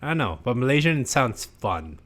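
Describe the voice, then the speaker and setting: A man's voice: medium pitch, sing-song, moderate pace, a bit bright. A young man co-hosting a podcast in casual chat, laid-back and joking. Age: young adult. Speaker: podcast co-host.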